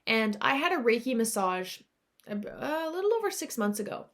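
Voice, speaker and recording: Earnest woman podcast host, slightly high. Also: sing-song, moderate pace. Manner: earnest, confessional, speaks to listeners directly. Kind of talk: personal reflective podcast talk.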